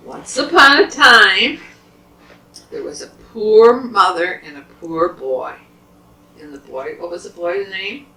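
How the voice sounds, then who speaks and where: Animated older woman telling fairy tales. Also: lowish voice, a little slow. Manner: animated, asks the listening child questions. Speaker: storyteller. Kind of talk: reading children's stories aloud. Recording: roomy, distant home recording.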